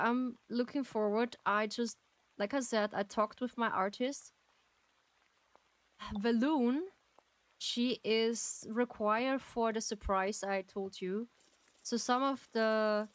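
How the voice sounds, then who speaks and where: Slow-talking giggly woman streamer. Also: mid-range voice. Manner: giggly, chatty, thanks viewers warmly. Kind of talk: casual livestream chat while playing a game.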